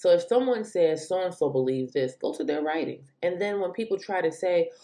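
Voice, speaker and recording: A woman hosts her own commentary show, speaking right to her listeners. Her voice sits low and mellow. When she gets exasperated it leaps sharply upward in animated bursts. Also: normal speed. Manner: animated, exasperated rants with sudden high pitch jumps. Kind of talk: opinion commentary monologue.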